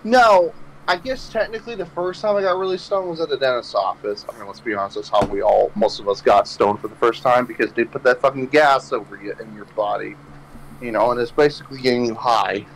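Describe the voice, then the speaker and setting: A man's voice: mid-range voice, a little fast, a little hiss or hum, rough recording. Rambling young man telling a stoner story. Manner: rambling, heavy swearing, laughing at own jokes. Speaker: podcast host. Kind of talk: casual storytelling chat.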